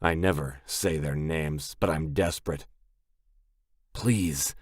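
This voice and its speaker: Male audiobook narrator, very deep, gruff and intense, dry booth. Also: fairly even intonation, moderate pace, no room sound. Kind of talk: scripted first-person narration.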